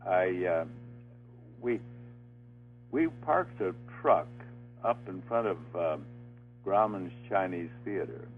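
An older man recalls his game show days in a low, unhurried voice, pausing on fillers and laughing as he tells the tale. He comes through a thin, phone-like line with faint music behind. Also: animated. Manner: halting anecdote full of uh fillers, laughing as he tells it. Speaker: interview guest, former game show host. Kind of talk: storytelling in an interview.

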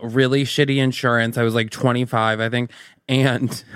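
A man's voice: mid-range voice, little pitch movement, moderate pace, smooth, no room sound, studio quality. A man co-hosting a podcast in casual chat, telling stories in a rambling way full of fillers. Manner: rambling, filler-heavy storytelling. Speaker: podcast co-host.

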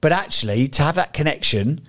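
A man's voice: fairly high pitch, lively intonation, fairly quick, a bit bright. A man co-hosting a podcast in casual chat, rambling and swearing freely. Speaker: podcast co-host.

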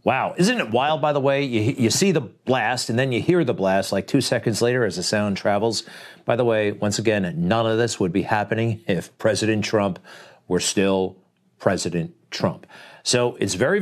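A man's voice: fairly low pitch, animated, moderate pace. A man hosting opinion commentary, emphatic and scornful, firing off rhetorical questions. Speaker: commentary host.

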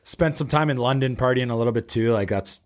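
A young man from Canada chatting casually as a podcast guest, telling stories in a loose, relaxed way with lots of "like". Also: mid-range voice, fast talker. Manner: relaxed storytelling, heavy use of "like". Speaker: guest, professional hockey player.

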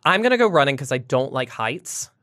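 A woman in a playful chat who giggles often. Her voice is bright and swings widely up and down in pitch. The sound is dry and close to the mic. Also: very animated, a little fast, no echo. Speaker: co-host. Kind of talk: casual chat.

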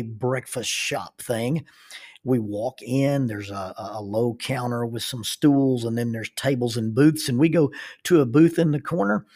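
Middle-aged male preacher, husky tone, spinning a funny story at his own expense. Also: medium pitch. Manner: self-deprecating, chuckling narrator. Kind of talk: humorous personal storytelling.

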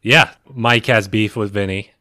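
A man chatting on a podcast with wry, dry remarks and quick reactions. His voice sits a bit low and is recorded close and dry, with no room sound. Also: fairly even intonation, bright, forceful tone, dry recording. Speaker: podcast co-host. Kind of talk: casual chat.

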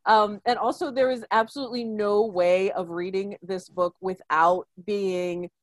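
Woman co-host, casual and self-mocking, quick laughs, dry close mic. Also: medium pitch, steady tone, no echo. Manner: self-deprecating, laughs often. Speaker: podcast co-host. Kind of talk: casual chat.

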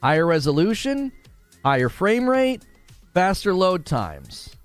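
Young man, gaming streamer, high lively voice, exasperated, faint music behind. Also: smooth. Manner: animated, exasperated, quick retorts. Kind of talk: casual livestream commentary.

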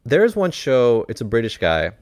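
A man hosting a podcast, telling stories in a lively casual way, swearing and acting out other people's voices. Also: medium pitch, normal speed, no room sound. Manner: animated storytelling, swears, acts out voices.

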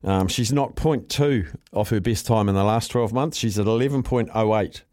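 A man's voice: on the low side, normal speed, darkish tone, no echo. Kiwi guy hosting sports talkback, easygoing chatty, dry close studio sound. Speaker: radio talkback host.

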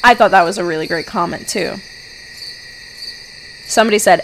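Excitable woman podcast host. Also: on the low side, moderate pace, long pauses, a little hiss or hum, low-quality recording. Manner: excitable, peppers speech with "freaking". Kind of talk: casual solo podcast chat.

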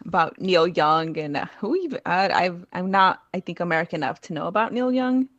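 A woman co-hosting a podcast briskly recaps episodes in a casual, animated way, acting out the characters' lines. Her voice sits fairly low, and the recording is dry with the highs cut off.

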